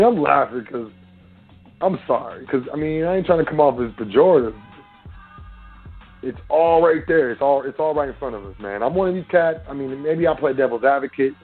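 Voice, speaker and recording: A man's voice: a little high, a little fast. A man hosting an internet radio show, talking casually and preachily straight to his listeners. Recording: tinny phone-line sound with faint music.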